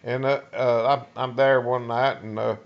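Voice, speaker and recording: An older man from Texas with a Texan accent, a veteran telling a personal war story in a folksy, halting way, full of uh's and restarts. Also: mid-range voice, level tone, creaky, highs cut off. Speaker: Vietnam veteran.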